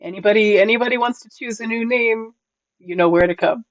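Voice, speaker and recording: A streamer talks casually with viewers in a playful, chatty way and laughs often. The voice sits at a middle pitch. It is recorded close and dry, with no room sound. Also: brisk, no room sound, dull audio.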